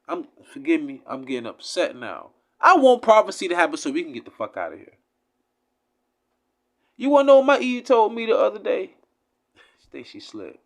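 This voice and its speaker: Man, high voice, very lively pitch, heated preaching rant, profane, loud then muttering. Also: normal speed, pauses often. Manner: heated, profane, swinging between shouts and mutters. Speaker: religious commentator.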